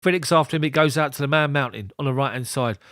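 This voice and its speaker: A man's voice: mid-range voice, quick pace, a bit bright, no room sound, clean studio sound. A man doing live ball-by-ball match commentary as a fan streamer, giving clipped play calls broken up by chatty asides.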